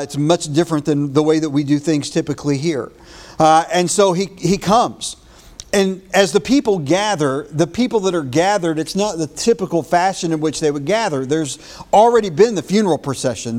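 A man's voice: a little high, darkish tone. Earnest pastor, a man preaching. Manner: earnest, retelling scripture with small restarts. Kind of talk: sermon.

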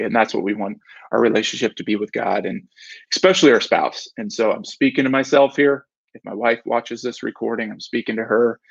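A man in his thirties speaks in a relaxed, rambling way, sharing a devotional with the habit of starting over mid-sentence. His voice has a gravelly, creaky edge. The recording is dry and a little dull. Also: medium pitch, no echo. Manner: rambling, restarts and self-corrections, reflective. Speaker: devotional speaker, business owner and father. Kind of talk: casual devotional talk to camera.

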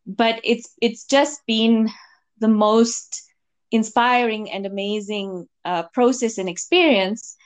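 A woman's voice: on the high side, steady tone, slow pace. Chatty woman telling a story. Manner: chatty storyteller, many fillers and restarts. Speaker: podcast co-host, medium. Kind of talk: casual chat.

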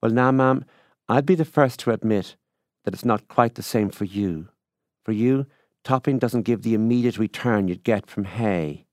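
A man's voice: on the low side, normal speed, a little mellow, dry recording, clean studio sound, pitched above the performer's own voice, close to an everyday voice. A man doing a coaxing, folksy country farmer. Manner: coaxing, folksy, repeatedly says ma'am. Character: genial, persistent middle-aged male country farmer.

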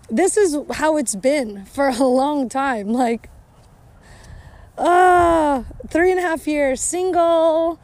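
A woman with a somewhat high voice rambles through a casual podcast outdoors while walking her dog at night. She swears constantly and drifts between topics. She breaks off to shout commands at the dog. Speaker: podcast host.

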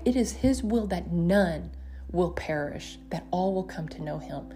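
A woman's voice: lowish voice, animated, measured pace, warm tone. A woman preaching a sermon in an earnest, emotional way, often stopping to voice heartfelt prayers. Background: music.

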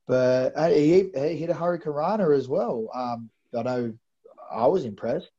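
Casual chat from a man who co-hosts a wrestling recap show, his mellow, slightly rough voice pitched on the high side and moving at normal speed. He muses along with stammered restarts over somewhat dull, lo-fi audio.

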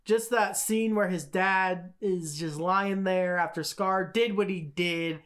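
A woman's voice: fairly low pitch, slow pace. Chatty rambling female podcast co-host. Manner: chatty, rambling, lots of fillers like "like" and "you know". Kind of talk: casual podcast chat.

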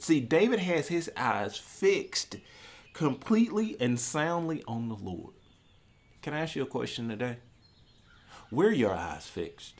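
A man who works at a church, preaching an earnest sermon and reading scripture slowly, often repeating key phrases. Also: mid-range voice.

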